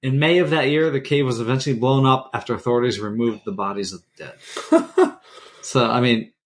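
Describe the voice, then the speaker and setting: A man co-hosting a podcast, telling stories in a loose, rambling way with deadpan asides. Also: mid-range voice, moderate pace. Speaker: podcast co-host. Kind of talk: casual podcast banter.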